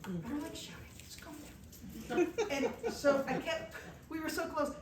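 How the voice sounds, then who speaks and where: With a high voice at a moderate pace, a woman guest speaker tells a travel story to a small audience in an event room, acting out the dialogue very animatedly. A crowd can be heard in the background, and the distant mic makes it sound roomy, with faint noise.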